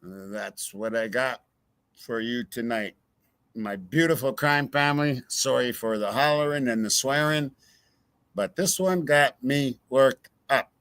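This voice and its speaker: Slow-talking, swearing true crime host, bright voice. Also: male voice, mid-range voice, clean tone, no echo. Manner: profane, heated ranting. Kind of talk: casual livestream commentary.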